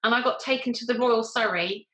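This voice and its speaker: Woman telling a funny mishap story, bright voice, bit of room echo. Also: on the high side, fairly quick. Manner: wry, self-mocking, laughs between lines. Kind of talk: personal anecdote told casually.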